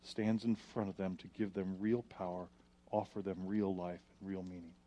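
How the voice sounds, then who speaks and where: A man preaching a sermon, dramatic, dropping to a hush and then rising to forceful emphasis as he retells scripture. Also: deep voice, little pitch movement, normal speed, slight background noise. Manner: dramatic, swings from hushed to emphatic when quoting scripture.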